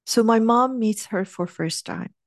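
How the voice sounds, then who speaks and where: A middle-aged woman telling a heartfelt personal story, earnest and animated, sometimes dropping to a soft hush. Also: on the high side, measured pace, no echo, studio quality. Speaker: speaker sharing a personal story.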